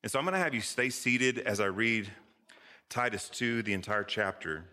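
Preaching at an ordinary pace, this male pastor keeps things easygoing and warm, slipping in playful asides as he goes. His lowish voice has a bright, forceful bite. The large church sanctuary gives every word a long, echoing tail.

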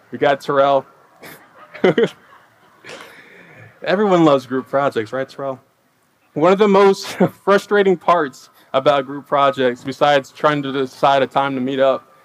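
A man preaching a sermon in a conversational way, asking the congregation questions and acting out the voices of the people in the story. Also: a little high. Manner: acts out the workers' voices when quoting them.

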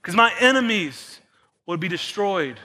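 A man preaching a sermon as pastor, moving between soft, hushed lines and raised, emphatic ones. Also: high-pitched, animated, unhurried. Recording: long hall reverb.

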